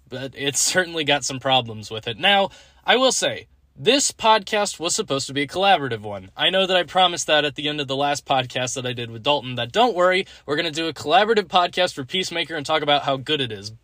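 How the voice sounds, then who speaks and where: A man hosts his own review podcast, talking candidly and rambling, with plenty of filler "like"s. His voice sits a little high, and the sound is dry and close. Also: bright, forceful tone, dry recording. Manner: candid, blunt, rambling with frequent "like". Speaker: podcast host. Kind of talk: casual solo review podcast.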